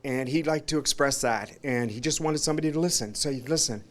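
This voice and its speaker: A man's voice: medium pitch, quick pace. A man giving an informal memorial tribute at a restaurant gathering, rambling through anecdotes, acting out other people's lines, emotional and laughing between lines. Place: restaurant, gathering of friends and family.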